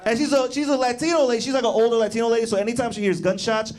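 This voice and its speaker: Laughing New stand-up comic. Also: male voice, high voice, quick pace, darkish tone. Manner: rambling, laughing at his own jokes. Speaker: stand-up comedian. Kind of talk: stand-up comedy.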